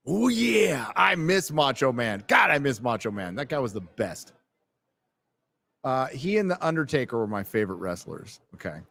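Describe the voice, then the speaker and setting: Speaking in a sing-song, sharp-toned voice of medium pitch at normal speed, this livestream host broadcasts from a fandom bar. He reads the chat and donations aloud, keeps things loose and profane, and laughs frequently.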